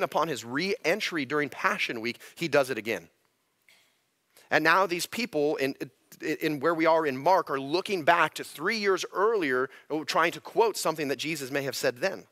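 Male pastor, bright and dry-miked, conversational teaching sermon with frequent restarts. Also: on the high side, dry recording. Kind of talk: expository sermon. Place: church sanctuary.

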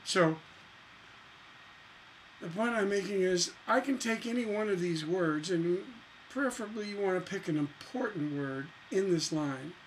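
A man's voice: high voice, expressive, measured pace, a little hiss or hum, poor audio. A man teaching songwriting in a casual lesson, joking as he goes and breaking into sung lines. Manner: breaks into singing lines over guitar, joking asides. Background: his own guitar playing.

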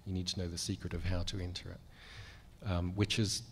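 Kiwi guy on a panel, lowish voice, wry and chatty, lots of ums. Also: flat delivery, normal speed, a little hiss or hum. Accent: New Zealand. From New Zealand. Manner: self-deprecating, wry, chatty with many fillers. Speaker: cartoonist guest on a panel. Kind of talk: panel conversation. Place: convention panel room.

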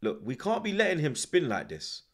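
A man's voice: fairly high pitch, wildly swooping pitch, normal speed, slightly rough. A man giving live reaction commentary as a football watchalong host, swearing heavily and barking short, repeated commands. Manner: swears heavily and shouts in frustration.

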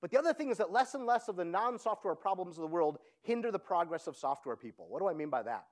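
An energetic man giving a keynote at a tech conference, often asking the audience "right?" as he goes. His voice is pitched high, and his delivery is lively and persuasive. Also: fast. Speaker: conference speaker. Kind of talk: keynote talk.

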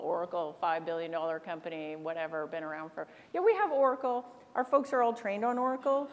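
A woman from Canada giving an animated storytelling keynote on a conference stage, often acting out other people's voices. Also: lowish voice, a little fast, few pauses. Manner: animated, acts out quoted voices. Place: large conference hall. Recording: long hall reverb.

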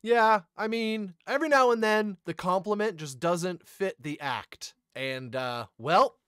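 A man hosting a reaction video, talking casually to himself with quick exclamations. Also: high-pitched, a bit bright, clear, resonant tone, no room sound, clean studio sound.

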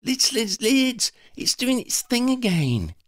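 A man voicing an excitable young boy wizard who babbles eagerly. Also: high voice, normal speed, voice pushed up. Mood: excited.

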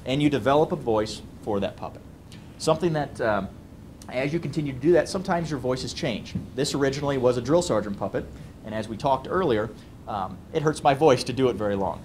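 A man with a deep bass voice teaching puppet voices in a casual, demonstrating way. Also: expressive, fairly quick, a little mellow, a little hiss or hum. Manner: casual, demonstrating, many ums. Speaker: puppetry trainer. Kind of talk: instructional talk.

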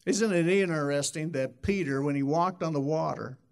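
Man preacher, somewhat high voice, emphatic and repetitive, restarts phrases, acts out quoted voices. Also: normal speed, vocal fry, darkish tone, smooth. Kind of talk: sermon.

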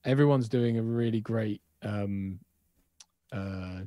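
A man's voice: medium pitch, moderate pace, warm tone, slight background noise. A man co-hosting a live stream, chatting enthusiastically and laughing often. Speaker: stream co-host. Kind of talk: casual chat on a live stream.

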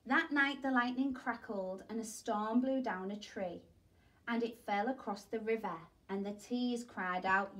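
A woman teacher reads a rhyming picture book aloud for children, telling it expressively. She takes her time, with a fairly high voice. The recording sounds distant, as if she is sitting back from the microphone. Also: a little slow. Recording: voice distant from the mic.

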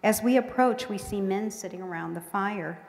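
A woman's voice: mid-range voice, moderate pace, gravelly, darkish tone. A woman author reads her book aloud in a folksy storytelling manner. Her voice sits in a medium register. It rings through a roomy courtroom with a long reverb. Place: museum courtroom. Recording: echoey hall with long reverb.

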